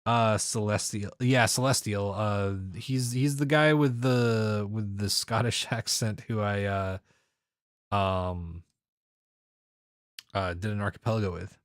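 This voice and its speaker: A man's voice: fairly low pitch, steady tone, slow, no echo, studio quality. A man streaming games, chatting casually with his viewers, rambling and laughing often. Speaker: game streamer. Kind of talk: casual chat with live chat.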